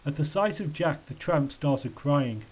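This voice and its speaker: A man's voice: fairly high pitch, lively intonation, measured pace, breathy edge, low-quality recording. A man reading a children's story aloud. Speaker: narrator.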